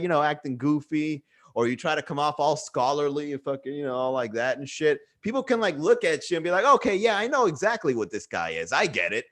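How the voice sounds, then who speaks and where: A man's voice: a little high, fairly bright tone. A man hosting a casual solo podcast from home, musing aloud in a rambling way, swearing freely and full of fillers. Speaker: podcast host. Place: indoors at home.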